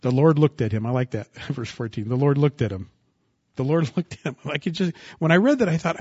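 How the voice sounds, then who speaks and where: A man preaching a sermon, asking the congregation rhetorical questions and rising into loud bursts of emphasis. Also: mid-range voice, lively intonation, brisk, breathy edge, no echo, dull audio. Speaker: pastor.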